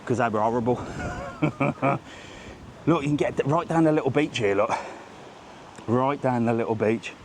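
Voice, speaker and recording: A man's voice: mid-range voice, unhurried, pauses often, slight background noise. A man hosting a live walking travel vlog on a seaside street, chatty and joking with people he passes, filmed on a handheld phone camera. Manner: chatty, jokey, greets passersby. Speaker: travel vlogger.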